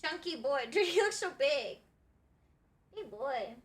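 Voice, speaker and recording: A woman's voice: high voice, lively intonation, moderate pace, fairly bright tone. A young woman streaming a game from home, chatting casually and cooing baby talk at her cat. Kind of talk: casual live-stream chat.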